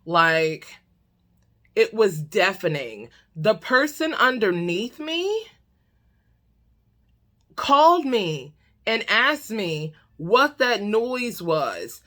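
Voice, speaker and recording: A woman vlogger telling a comedic story in a casual, animated, exasperated way, swearing freely. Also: medium pitch, drawn-out words, long pauses.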